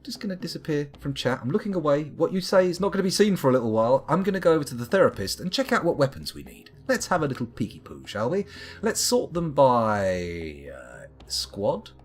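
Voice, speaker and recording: A man's voice: a little high, sing-song, fast, soft background music. A man streaming a game live, chatting and joking as he reads items off the screen.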